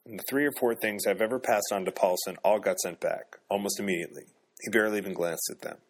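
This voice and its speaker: A man's voice: fairly low pitch, fast. A man voicing a cynical young male editorial intern who talks dismissively. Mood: weary. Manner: scornful, dismissive.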